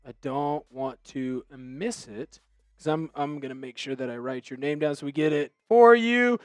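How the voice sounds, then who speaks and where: A young man from Vancouver, Washington, hosting a live fan stream and yelling excitedly with his co-host. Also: medium pitch, dry recording. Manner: rowdy, yelling, fast fan banter.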